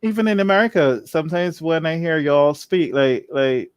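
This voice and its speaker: A man's voice: on the high side, moderate pace, smooth, no room sound. A man from Barbados with a Barbadian accent, chatting as a podcast guest, laughing often as he explains. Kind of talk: casual conversation.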